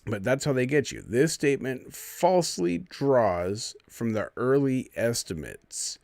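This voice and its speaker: A man's voice: medium pitch, sing-song, unhurried, a little mellow, dry recording. A man hosting a live stream, reading out a news fact check and arguing with it in an indignant, sarcastic running commentary.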